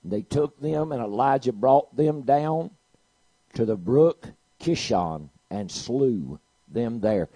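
A man preaching a sermon, telling a story and swinging from quiet to loud. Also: medium pitch, expressive, slow, slightly rough, no echo, poor audio.

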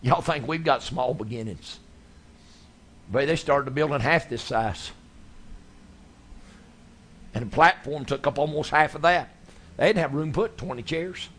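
A man preaching a sermon, telling his stories in a folksy, animated way. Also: a little high, unhurried, long pauses. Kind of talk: sermon storytelling.

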